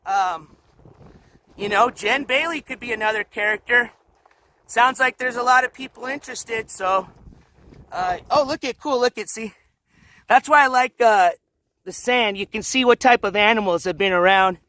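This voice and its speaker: A man's voice: very high voice, bright, forceful tone, a little hiss or hum. A man hosting a casual outdoor livestream as he walks through a dry riverbed, chatting with viewers and calling to his dogs. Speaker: livestream host. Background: dogs moving about outdoors.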